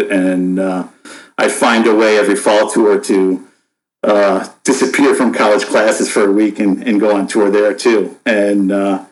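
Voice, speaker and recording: A man's voice: on the low side, rough recording. Laid-back rambling man in his fifties. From Buffalo, New York, USA. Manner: rambling, laid-back, many fillers and restarts. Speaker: guest. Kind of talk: casual storytelling chat.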